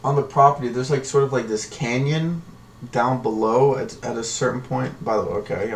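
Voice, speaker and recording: A man's voice: mid-range voice, fairly even intonation, a little fast, creaky. A man hosting a live trading stream, talking casually and ramblingly in a slangy way. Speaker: livestream stock trading host. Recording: distant from the mic with faint noise.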